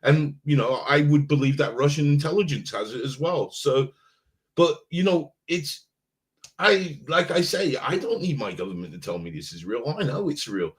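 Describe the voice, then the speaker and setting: A man's voice: a little high, lively intonation, normal speed. A man hosting a podcast, talking in a casual, rambling, jokey way. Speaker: podcast host.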